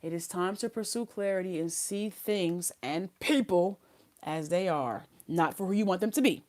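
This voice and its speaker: A woman's voice: fairly low pitch, normal speed, darkish tone. A woman giving a live tarot reading, chatting casually in slang and reading card messages aloud. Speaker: tarot reader.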